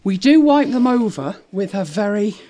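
A woman streaming live from her home, chatting casually with viewers. She laughs often and jumps to a high, sing-song voice for her dog. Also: big pitch swings, normal speed, mellow, a little hiss or hum. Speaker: vlogger.

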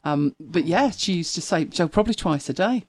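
A woman's voice: lowish voice, animated, fairly quick, darkish tone, dry recording. A woman, chatting casually as a podcast co-host and telling stories with frequent laughs. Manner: chatty storyteller, laughs often. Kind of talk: casual chat.

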